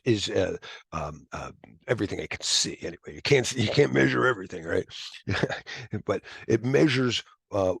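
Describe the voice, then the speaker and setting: Brief: low, gravelly male instructor, rambling and animated, dry sound. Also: no echo. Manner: rambling, animated, with whispered asides. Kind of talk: live classroom lecture.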